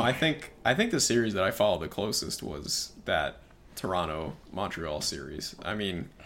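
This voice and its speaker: A man's voice: medium pitch, a little hiss or hum. A man co-hosting a podcast, talking casually and hesitantly with many fillers. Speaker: podcast co-host. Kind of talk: casual sports chat.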